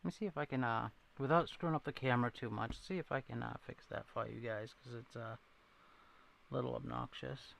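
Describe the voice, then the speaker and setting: Gravelly, rambling livestream host. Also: male voice, medium pitch, fairly even intonation, brisk, fairly bright tone. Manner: rambling storyteller, laughs often; says he needs his glasses to read chat. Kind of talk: casual livestream chat reading comments.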